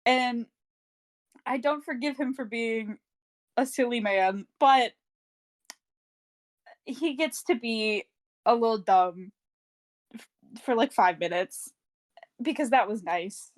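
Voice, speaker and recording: Slow-talking, wry woman co-host. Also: on the high side. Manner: unhurried, wry and teasing, trails off with fillers. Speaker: book club podcast co-host. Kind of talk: casual chat.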